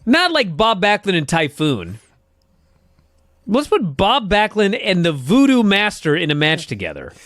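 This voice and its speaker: A man's voice: high voice, wildly swooping pitch, a little slow, a bit bright, no echo, studio quality. A man co-hosting a casual chat, ranting with plenty of swearing and exasperation. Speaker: podcast co-host.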